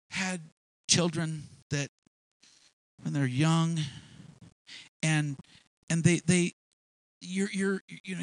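A man's voice: sits high, no room sound, low-quality recording. A man preaching a sermon in a storytelling way, drawing out key words for emphasis and often restarting his phrases.

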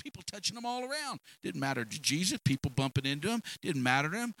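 A man preaching a sermon, impassioned and repetitive, building up to shouts. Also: a little high, sing-song, fast talker, few pauses, no room sound, rough recording.

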